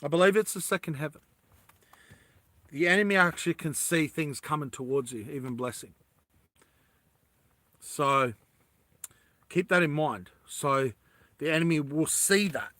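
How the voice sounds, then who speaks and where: A man's voice: fairly high pitch, measured pace, pauses often, fairly bright tone, no room sound. A man talking casually on a livestream, rambling and often laughing as he addresses his viewers.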